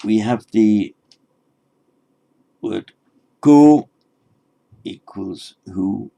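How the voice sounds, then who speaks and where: A man's voice: low voice, unhurried, gravelly, darkish tone. A man lecturing on the meaning of old scripture, explaining word by word in a thoughtful way with frequent restarts. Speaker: teacher. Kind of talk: textual lecture on Pali scripture.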